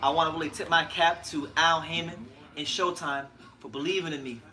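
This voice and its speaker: A man's voice: fairly high pitch, steady tone, pushed and bright, slight background noise. A man doing a smug, self-praising retired champion. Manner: measured, filler-heavy, self-praising.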